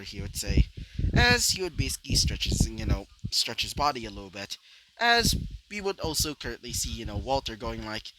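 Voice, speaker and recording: A man's voice: mid-range voice, sing-song, moderate pace, noisy background. A man improvising a fan-fiction story aloud in a rambling way, his narration packed with fillers. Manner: rambling, full of "you know" fillers.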